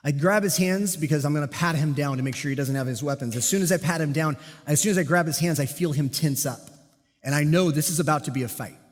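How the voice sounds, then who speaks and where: A man delivers a sermon in a church sanctuary, shaping a personal story with animated timing and dry jokes at his own expense. His voice sits a bit high for a man. Long reverb from the hall trails behind each phrase. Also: quick pace. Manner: animated storytelling with self-deprecating humor. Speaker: pastor and police officer.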